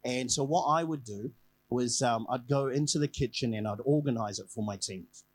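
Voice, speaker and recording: Man, preacher, conversational sermon, mid-range pitch, repeats phrases for emphasis. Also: normal speed, poor audio. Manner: animated storytelling, repeats key phrases.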